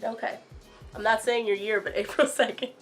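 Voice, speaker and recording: A woman's voice: fairly high pitch, fairly even intonation, moderate pace, faint music behind. Bubbly, giggly young woman host. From United States. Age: 20s. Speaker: YouTube host. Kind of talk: casual couple Q&A chat. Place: outdoors in sunlight.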